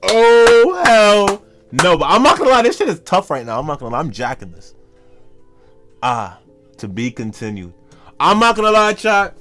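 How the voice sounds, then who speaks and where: A man streaming live, reacting to comics in slangy, excitable talk to his chat. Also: on the high side, fairly quick, pauses often, soft background music.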